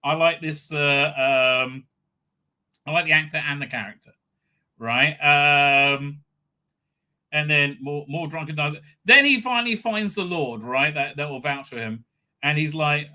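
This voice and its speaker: A man's voice: fairly high pitch, expressive, a little slow, pushed and bright. A man hosting a live stream, casually recapping an episode in a rambling way, with many stammered restarts and a habit of tagging sentences with "right?".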